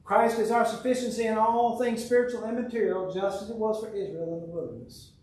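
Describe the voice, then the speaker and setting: Man, Bible study teacher, folksy and conversational, high voice, far off in a roomy hall. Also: a little fast, darkish tone. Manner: folksy, conversational, reads scripture aloud and quotes hymns. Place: church room. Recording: very echoey room, speaker far from mic.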